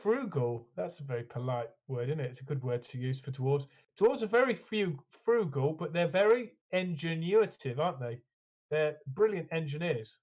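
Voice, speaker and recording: A man's voice: on the high side, lively intonation, moderate pace, a little mellow, muffled recording. A man co-hosting a casual hobby chat, talking enthusiastically and rambling with lots of fillers. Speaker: co-host.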